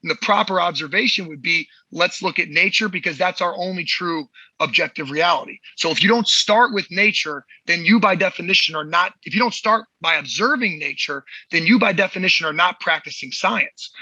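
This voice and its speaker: Blunt, profane, high-voiced man. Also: expressive, moderate pace, pushed and bright, breathy edge, no echo, highs cut off. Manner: blunt, profane, heated and emphatic. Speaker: podcast host, movement coach. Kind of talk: casual podcast chat.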